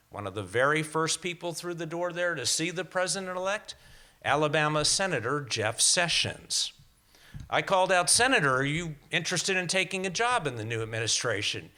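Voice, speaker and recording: Bright-voiced older man telling stories onstage. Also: a little high. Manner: storytelling, wry, with small hesitations. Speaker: guest speaker. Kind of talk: prepared talk to an audience. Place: lecture hall before a live audience.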